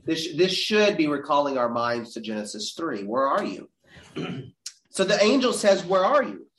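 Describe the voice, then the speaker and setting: A man teaching a Bible class, reading verses aloud with dramatic leaps in pitch. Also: sing-song, normal speed, fairly bright tone. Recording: roomy echo.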